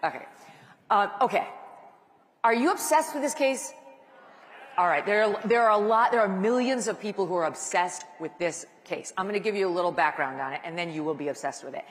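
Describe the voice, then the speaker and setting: A woman's voice: mid-range voice, expressive, brisk. Woman chatting on stage, jokey, laughs a lot, big echoey hall. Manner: chatty, self-mocking, laughs often. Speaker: guest speaker. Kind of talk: casual stage talk. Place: large event hall. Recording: reverberant hall.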